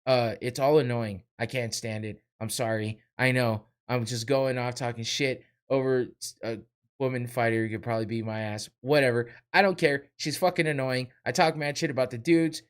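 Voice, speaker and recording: A man's voice: medium pitch, steady tone, normal speed, clear, resonant tone. A man hosting a podcast, ranting heatedly with blunt swearing and short laughs. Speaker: podcast host. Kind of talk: heated profane rant.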